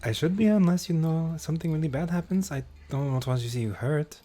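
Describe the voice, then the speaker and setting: A woman voicing a small, protective pixie companion who speaks softly and reassuringly. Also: deep voice, a little fast, soft background music, voice pushed up. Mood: tender. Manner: soft and reassuring.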